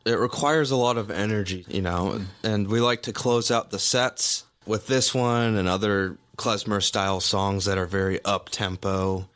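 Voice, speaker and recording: A man's voice: on the low side, fairly even intonation, normal speed, hardly any pauses, a bit bright, smooth. A man talking as a band member guest, easygoing as he explains how the band plays.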